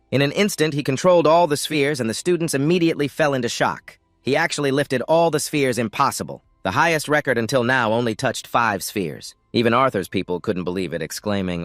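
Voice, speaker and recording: A man narrating a storybook recap with steady storytelling. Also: medium pitch, dry recording, clean studio sound. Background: faint music.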